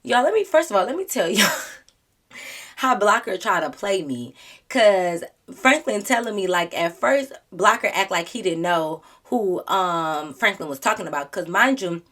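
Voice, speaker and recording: A young adult woman vlogger telling a storytime to her viewers in casual chat, animated and dramatic, laughing often. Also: mid-range voice, normal speed. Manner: talks straight to her viewers.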